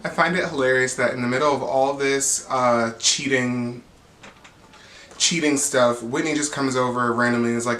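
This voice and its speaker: A man recapping reality TV in a gossipy, animated way, popping into the cast's voices and laughing along. His voice sits at an ordinary middle pitch. The sound is roomy and echoey, with the mic a little distant. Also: normal speed, slight background noise. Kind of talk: casual recap commentary.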